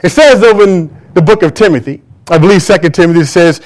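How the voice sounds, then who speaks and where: A man's voice: high-pitched, fast, hardly any pauses. A man preaching a sermon to a church congregation, emphatic and drawing call-and-response from the crowd. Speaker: pastor.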